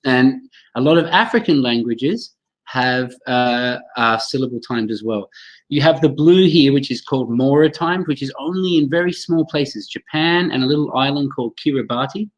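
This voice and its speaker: A man's voice: mid-range voice, moderate pace, muffled recording. Chatty man leading an online teacher training. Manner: chatty, reacts to chat comments, restarts sentences.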